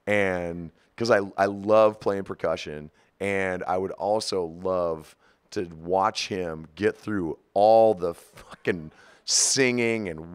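A man in his forties, the guest of an interview, telling stories in an animated, profane way with frequent laughter. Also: lowish voice. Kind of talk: storytelling interview.

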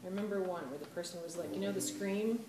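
Over the sound of a loud crowd, a woman art teacher gives a casual clay demonstration to her class, talking fast in a fairly low voice. She is chatty and self-deprecating, laughing often at her own mistakes. A distant camera mic picks her up in a roomy space with background noise.

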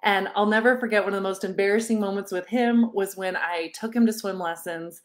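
A woman in her thirties coaching parents in a live online session, talking casually to her audience. She tells stories with frequent little laughs. She slips into animated voices when she quotes people. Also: mid-range voice, a little fast. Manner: warm, chatty storytelling with frequent laughs.

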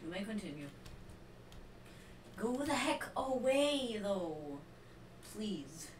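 A woman playing a tabletop wargame as the opponent, chatting casually with quick, wry replies and loud cries of disbelief. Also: mid-range voice, sing-song, reverberant, a little hiss or hum. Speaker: opponent player. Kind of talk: casual chat while gaming. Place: home, at a game table.

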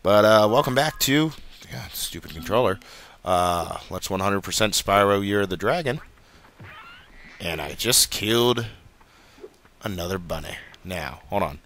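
Young male let's-play host, deep pitch with a sharp edge, chatty and self-deprecating. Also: expressive, a little slow, long pauses. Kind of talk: casual gameplay commentary.

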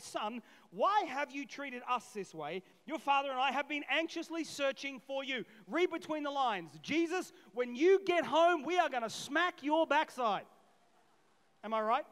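A middle-aged man preaching a lively sermon as pastor, swinging between loud shouted peaks and quiet asides, acting out voices from the story. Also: very high voice. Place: church auditorium. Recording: long hall reverb.

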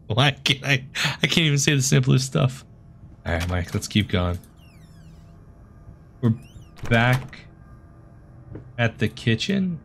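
A man's voice: mid-range voice, animated, unhurried, vocal fry, long pauses, slight background noise. A man doing let's play commentary of a horror game, jumpy and joking, swearing and yelping at the scares. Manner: jumpy, swears, jokes nervously, yelps at scares. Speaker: gaming video host.

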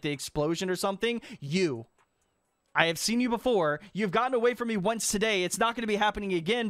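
A young man commentating his own gameplay, excitable and teasing as he calls out to other players. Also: high-pitched, no room sound. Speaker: gaming YouTuber.

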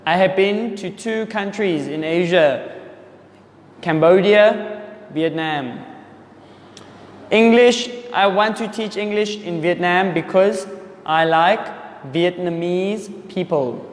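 A young man, an English teacher, answering viewer comments in deliberately slow, simple speech for learners. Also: high-pitched. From South Africa. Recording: echoey room with long reverb.

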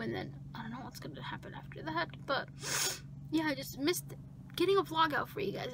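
A young woman vlogging casually, rambling in a self-conscious way and often dropping to a hushed voice, filmed on a handheld phone out at a beach, in a car and at a gym. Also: high voice, gravelly, noisy background. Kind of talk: casual vlog chat.

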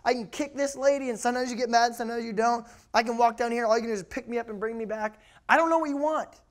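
A man's voice: very high voice, fairly even intonation, fast talker, voice pushed up. A man voicing a rebellious little boy who begs to be shown his limits. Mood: pleading.

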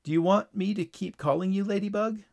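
A man's voice: high voice, a little fast, gravelly, darkish tone, voice pushed up. A man voicing an earnest young schoolboy hero in a storybook reading, in an eager, earnest way.

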